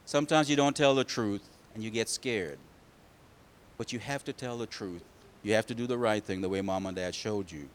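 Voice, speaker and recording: A man telling a picture-book story to children, pausing to ask them questions. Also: lowish voice. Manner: animated, asks the children questions.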